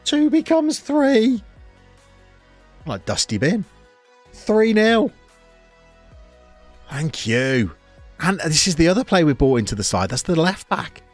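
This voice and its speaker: Guy commentating his football sim live, chats to chat, soft music behind. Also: fairly high pitch, big pitch swings, normal speed. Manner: chatty, reacts loudly to play, greets chat. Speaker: streamer.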